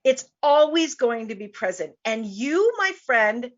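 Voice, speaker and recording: A woman's voice: on the high side, very animated, unhurried, dull audio. A woman business coach hosting a live online show, speaking emphatically and repeating her key points. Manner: emphatic, repeats key phrases, laughs easily.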